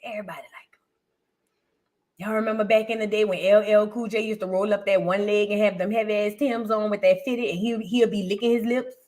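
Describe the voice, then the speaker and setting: A woman's voice: medium pitch, fairly even intonation, a little fast, few pauses, darkish tone. A woman hosting her own commentary channel, talking in a rambling, slangy and blunt way. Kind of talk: casual reaction commentary.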